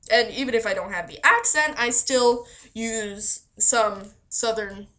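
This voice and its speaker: A woman's voice: fairly high pitch, a little slow, bright, forceful tone. A woman from Florida talking casually through a questionnaire, chatty and self-deprecating, laughing often and swearing now and then. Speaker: vlogger answering a voice meme questionnaire. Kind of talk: casual rambling monologue.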